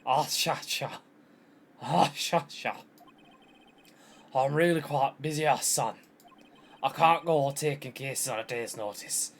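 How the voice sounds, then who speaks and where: A man's voice: medium pitch, takes it slowly, creaky, long pauses. A man voicing a pompous elderly male lawyer in a wobbly mock-Scottish lilt, calling people "boy" and "laddie". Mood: brusque.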